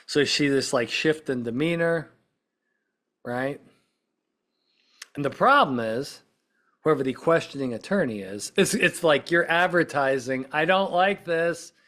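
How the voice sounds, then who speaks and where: Male podcast host, mid-pitched, casual explainer who checks in with the listener after each point. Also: unhurried, long pauses, sharp tone. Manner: conversational, peppers points with "right?" and "okay?"; acts out quoted speech in short bursts. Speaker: podcast host, witness-prep consultant.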